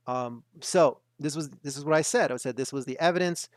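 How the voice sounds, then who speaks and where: A man's voice: a little high, brisk, dry recording, studio quality. A man hosting a market webinar, talking emphatically and repeating his points to drive them home. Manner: emphatic, repetitive, insistent.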